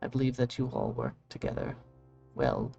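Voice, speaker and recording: A man voicing an elderly hooded woman who hires a party, speaking softly and formally. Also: mid-range voice, huge pitch swings, normal speed, creaky, breathy edge, dull audio, faint music behind, exaggerated voice. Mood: hopeful.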